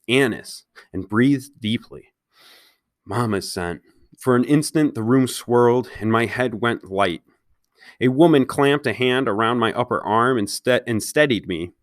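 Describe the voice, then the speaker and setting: A man's voice: medium pitch, no room sound, studio quality. A man reading a children's novel aloud, stopping now and then to ask his listeners questions. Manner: pauses to question listeners directly. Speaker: read-aloud storyteller.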